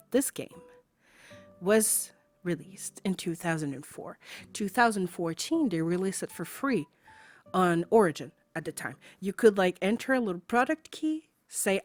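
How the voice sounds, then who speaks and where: A woman streaming from home, ranting angrily to her chat with swearing and sarcasm, repeating her points for emphasis. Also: mid-range voice. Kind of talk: angry rant to a live stream chat.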